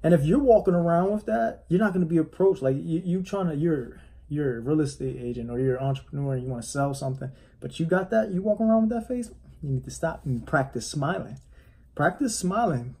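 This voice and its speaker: A man with a husky, mellow voice gives loose, coaching-style advice on a casual vlog. He rambles, restarts his sentences and keeps circling back to his point. His voice sits a little higher than most men's. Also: fairly quick. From United States. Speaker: real estate agent. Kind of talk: casual motivational vlog talk.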